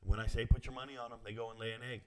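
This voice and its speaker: A sports betting show host with a mid-range voice races through his lines in a flat delivery. On his live stream he reads viewers' comments and answers them brashly and confidently, peppering in slang and chatty asides.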